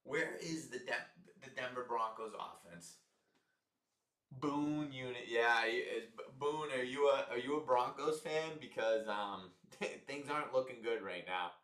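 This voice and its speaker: A young man giving casual live football commentary on a stream, frustrated and swearing, with sudden loud outbursts. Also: medium pitch, a little slow, reverberant, recorded from a distance. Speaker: livestream commentator.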